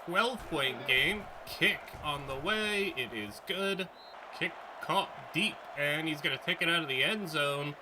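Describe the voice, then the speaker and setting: A man giving excitable let's-play commentary on a football video game, reacting aloud to each play. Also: on the high side, measured pace, noisy background. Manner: excitable, talks back to the game. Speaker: gaming YouTuber.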